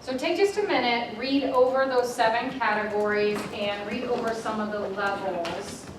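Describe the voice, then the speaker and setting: A woman's voice: on the high side, normal speed. A middle-aged woman leading a coaching workshop, chatty, telling self-deprecating stories between her points. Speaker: workshop facilitator. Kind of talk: classroom instruction. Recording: echoey room from far off, noisy.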